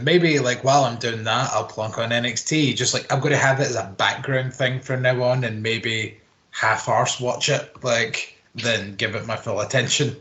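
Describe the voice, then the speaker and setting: A man's voice: mid-range voice, steady tone, normal speed, bright, forceful tone. A man co-hosting a casual podcast chat, ranting with plenty of swearing and mocking put-on quotes. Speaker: podcast co-host. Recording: roomy echo.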